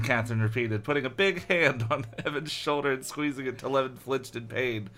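A man's voice: mid-range voice, soft background music. A man reading a children's horror book aloud on a comedy podcast, joking and laughing along. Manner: joking, animated, quick to laugh.

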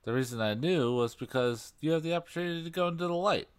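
A man's voice: a little high, quick pace, clean tone. A man co-hosting a comedy podcast, reading a book aloud with dry, mocking asides. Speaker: podcast co-host.

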